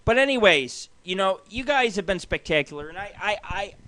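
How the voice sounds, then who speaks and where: A man hosting a live internet radio show, drunk and rambling through a crude, boastful story with loud outbursts. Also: high-pitched, animated, a little fast, heavy background noise.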